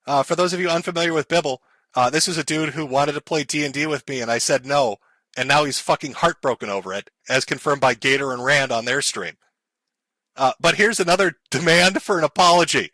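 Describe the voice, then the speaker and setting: A man's voice: on the high side, fairly quick, bright, forceful tone, no echo. A man hosting a commentary show, telling a story in a profane, sneering way and laughing often. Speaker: commentary host. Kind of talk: mocking commentary.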